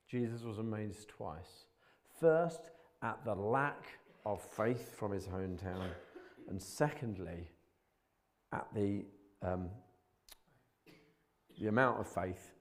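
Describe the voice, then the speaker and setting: A man's voice: on the low side, a little mellow. A man giving an informal sermon in a church, chatty and colloquial, poking fun at himself, with bursts of emphasis. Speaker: preacher.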